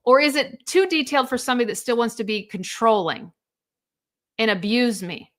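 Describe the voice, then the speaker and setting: Woman, divorce coach, blunt and emphatic, bright slightly high voice. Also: lively intonation, normal speed. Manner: blunt, profane, emphatic, rhetorical questions. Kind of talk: motivational monologue.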